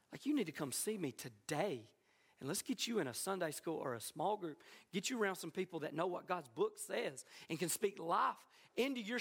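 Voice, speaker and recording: High-voiced preacher, passionate sermon. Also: male voice, husky. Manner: emphatic, repetitive, swings from quiet to shouting. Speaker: pastor.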